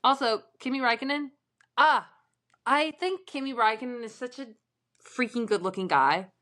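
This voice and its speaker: Giggly American woman, slightly high. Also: normal speed, pushed and bright. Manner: giggly and gushing, laughs often. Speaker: podcast co-host. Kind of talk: casual chat.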